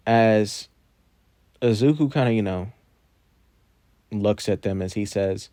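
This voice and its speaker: A man telling an improvised fan story, rambling along with loose fillers as he goes. His voice is on the low side and the recording is dry and close. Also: steady tone, normal speed, long pauses, warm tone, no echo. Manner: rambling, fillers like kinda and you know.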